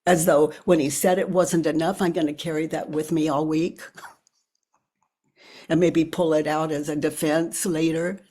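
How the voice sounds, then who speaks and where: An older woman leading a guided self-inquiry, talking slowly and reflectively with pauses and often sinking to a near whisper. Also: deep voice, flat delivery, mellow. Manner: thinks aloud with pauses. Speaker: spiritual teacher.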